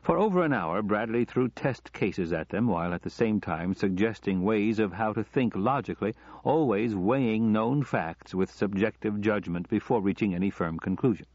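A man reading an audiobook in steady, measured narration, in a dull lo-fi recording. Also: lowish voice, no room sound.

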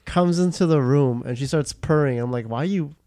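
A man's voice: mid-range voice, moderate pace, warm tone, no echo, studio quality. A young man co-hosting a podcast, rambling in casual chat with lots of fillers and restarts. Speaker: podcast co-host.

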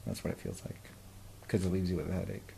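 A man's voice: low voice, steady tone, fast talker, gravelly, warm tone, slightly rough, poor audio. A man in his twenties co-hosting a casual podcast, telling long rambling stories full of fillers and "like". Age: 20s. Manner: rambling storyteller, many fillers and "like". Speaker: podcast co-host.

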